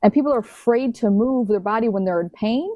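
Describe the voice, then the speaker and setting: A woman's voice: on the high side, fairly quick, dark tone, no echo. A woman who works as a diabetes health coach, speaking as a guest on a podcast in emphatic, casual conversation and often restarting words.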